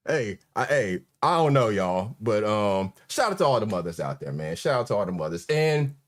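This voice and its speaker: A man with a North Carolina accent hosting a casual live stream, relaxed and chuckling as he greets viewers. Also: lowish voice, measured pace. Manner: laid-back, chuckling, shout-outs to viewers. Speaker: livestream host.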